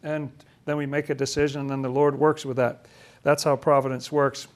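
A man's voice: medium pitch, level tone, fairly quick. A man giving a conversational talk on scripture, often acting out the voices of the people he quotes. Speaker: religious teacher.

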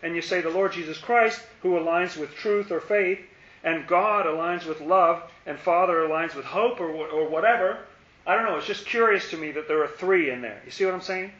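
A man with a somewhat high voice leads an informal Bible study, thinking aloud and posing rhetorical questions. The recording is roomy and muffled. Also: moderate pace, a bit bright.

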